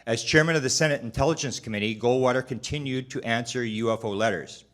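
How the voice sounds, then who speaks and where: A man testifying at a public hearing, reading a prepared statement in a measured, formal way, now and then stumbling and restarting a word. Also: medium pitch, a bit bright.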